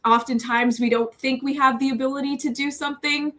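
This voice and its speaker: A woman's voice: high-pitched, fairly even intonation, fairly quick, pushed and bright. A young woman, a TV news reporter, talking earnestly as a podcast guest, chatty, with frequent laughs and fillers. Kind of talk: casual interview talk.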